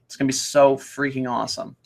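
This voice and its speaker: A man's voice: mid-range voice, little pitch movement, quick pace, gravelly. A young man hosting a casual live Q&A, chatting upbeat as he reads out viewer questions. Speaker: host.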